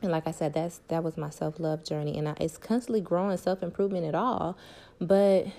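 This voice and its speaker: A woman's voice: mid-range voice, dark tone. A young woman, talking candidly and emphatically to her viewers about her love life and self-worth, repeating points for stress. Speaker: vlogger.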